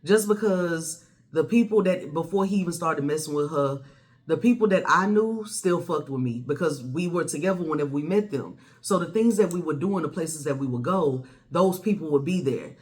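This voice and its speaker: A woman, telling a personal story to the camera in a blunt, animated way with plenty of swearing. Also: sits low, moderate pace. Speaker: vlogger. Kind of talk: casual storytelling.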